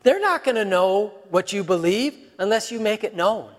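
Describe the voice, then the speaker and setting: High-voiced preacher in a reverberant hall. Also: male voice, animated, moderate pace. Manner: conversational, peppered with rhetorical questions. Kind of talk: sermon.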